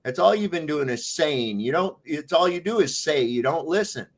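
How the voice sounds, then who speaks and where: A man's voice: on the high side, animated, normal speed. A man hosting a live online panel, scolding a guest with profane, exasperated remarks. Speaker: show host. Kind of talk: heated live panel argument.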